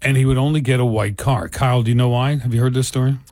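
A man's voice: medium pitch, fairly even intonation, fast talker, a little mellow, no echo, studio quality. A man hosting a casual chat, playful and joking as he swaps stories. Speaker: host.

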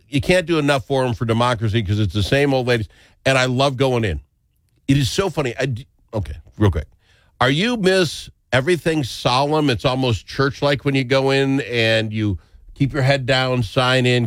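A man's voice: medium pitch, moderate pace, dry recording, studio quality. A man hosting a talk radio show, opinionated, indignant and jokey.

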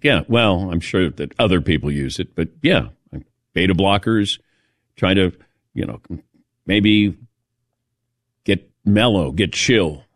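A middle-aged man hosting a casual sports talk show, animated and self-mocking as he calls on his co-hosts by name. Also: low-pitched, no echo, studio quality. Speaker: radio show host.

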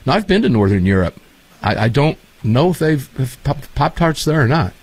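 A man hosting a casual talk show, telling animated, enthusiastic stories. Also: mid-range voice, normal speed, husky, no echo. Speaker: show host.

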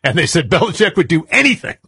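A man's voice: fairly high pitch, sing-song, fast, sharp tone, slightly rough, dry recording. A man co-hosting a talk show, telling a story in a chatty, casual way and laughing often. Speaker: co-host.

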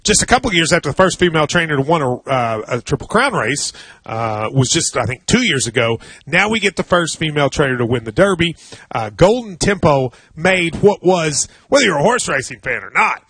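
A man with a high, bright, forceful voice hosts a sports radio show with an animated, teasing manner. His tone is a little husky and sits close and dry on the mic. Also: a little fast, no room sound. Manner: teasing, conversational, animated storytelling. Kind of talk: sports talk radio chat.

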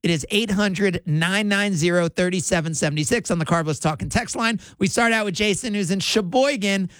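A man's voice: sits high, brisk, fairly bright tone, no echo. A man hosting a sports radio call-in show, taking callers and often laughing.

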